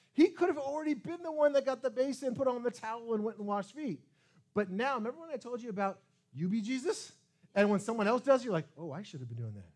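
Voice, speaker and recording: Male pastor, fairly high voice, very lively pitch, preaching a sermon, swinging loud and soft. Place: church sanctuary.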